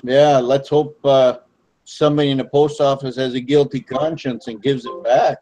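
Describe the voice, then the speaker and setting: A man's voice: medium pitch, fairly even intonation, moderate pace, mellow, rough recording. A man hosting a casual livestream chat with friends, joking and reading comments aloud. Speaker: livestream host.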